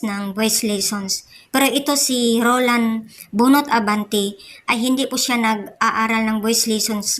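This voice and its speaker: Filipina vlogger, Cebuano native, slightly high voice, chatty and admiring, keeps addressing viewers. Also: female voice, fairly bright tone. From Dumaguete, Philippines. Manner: chatty, says "guys" in nearly every line, admiring. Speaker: vlogger reacting to a performance. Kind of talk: casual reaction vlog.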